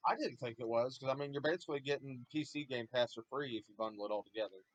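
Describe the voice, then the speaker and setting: A man's voice: medium pitch, fast talker, no echo, poor audio. A man on a stream's voice chat, casually explaining things in a matter-of-fact way. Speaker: co-host friend on voice chat.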